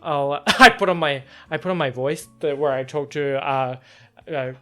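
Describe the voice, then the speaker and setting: A young Australian man in his twenties, hosting his own podcast and telling stories in an animated, self-mocking way. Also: fairly high pitch, moderate pace, soft background music. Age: 20s. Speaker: podcast host. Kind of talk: casual solo podcast storytelling.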